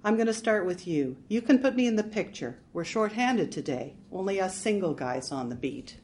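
A brash, flirtatious male detective with a cocky, teasing way of talking, as a woman reads him aloud. He sounds like a plain storybook voice rather than a deep put-on. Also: animated, normal speed, darkish tone, a little hiss or hum.

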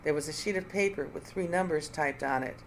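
A reader narrating a first-person mystery audiobook in an even, clear storytelling voice. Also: medium pitch, brisk, slight background noise, poor audio.

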